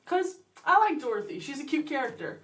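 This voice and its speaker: A woman's voice: high voice, big pitch swings, a little fast, a bit bright, distant mic, rough recording. A young woman co-hosting a podcast, telling a story in a chatty way, often acting out what she said, with lots of "like" and "um". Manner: chatty, quotes herself often, many fillers. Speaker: podcast co-host. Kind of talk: casual chat.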